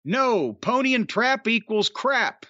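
Middle-aged male host, profane and rambling, high lively voice on a dry, dull recording. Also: takes it slowly, no room sound. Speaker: podcast host. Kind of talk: casual chat.

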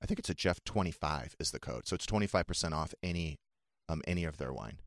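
A middle-aged man hosting a casual podcast chat, telling animated stories and imitating other people. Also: very deep voice, fast, vocal fry, no room sound, clean studio sound. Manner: animated storytelling, mimics others. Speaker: podcast host.

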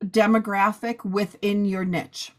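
A woman hosting a podcast, chatting casually and a bit hoarse after a long day of recording. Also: medium pitch, little pitch movement, measured pace. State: hoarse, losing her voice. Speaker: podcast host. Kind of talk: casual chat.

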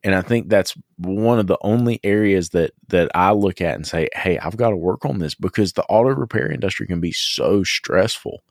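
A man with a very deep voice hosts a casual podcast chat. He tells long, rambling stories and often breaks into laughter. The recording is dry and close to the mic. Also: normal speed, creaky, hardly any pauses, no room sound.

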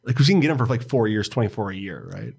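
A man's voice: mid-range voice, animated, racing, a little mellow, husky. A man co-hosting a casual basketball podcast, talking in a rambling, easygoing way with many fillers and frequent laughs. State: new father. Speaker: podcast co-host. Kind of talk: casual sports chat.

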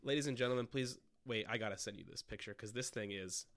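A man's voice: on the low side, fast, a bit bright. A man co-hosting a podcast in casual comedic chat, playful and jokey, swearing freely. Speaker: podcast co-host.

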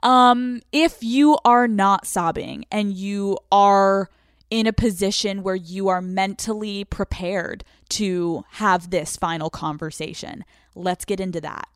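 A woman's voice: medium pitch, slow pace, clear, resonant tone, no echo. Young female podcast host, mid-range voice, dry studio sound, blunt and profane delivery. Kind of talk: casual advice monologue.

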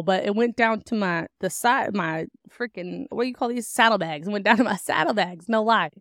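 A woman's voice: mid-range voice, animated, brisk, few pauses, dry recording, studio quality. A young woman hosting a podcast, talking candidly about her own life in a chatty way, with lots of "like" fillers and laughs. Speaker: podcast host. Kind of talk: personal storytelling to listeners.

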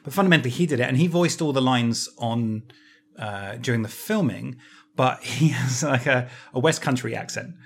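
A man's voice: mid-range voice, moderate pace, vocal fry, slightly rough. Chatty male podcast host telling a story. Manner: animated storyteller who laughs easily and restarts his phrases. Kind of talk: casual podcast chat.

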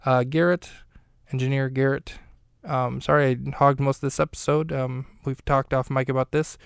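A man's voice: mid-range voice, fairly even intonation, normal speed, creaky, clear, resonant tone, no room sound. A man hosting a podcast, casually recapping a film scene in a rambling, talkative way, with lots of fillers and self-corrections, close to a studio mic. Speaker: podcast host.

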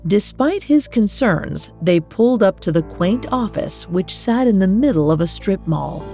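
A woman reading a scripted true-crime podcast narration in a measured, even delivery. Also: mid-range voice, faint music behind.

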